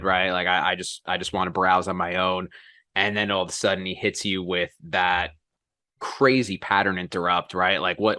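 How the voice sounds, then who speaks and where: A male podcast host asking questions in a casual, energetic way, checking in often with the guest. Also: sits low, dry recording, studio quality. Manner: energetic, drops frequent "right?" checks. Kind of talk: casual conversational interview.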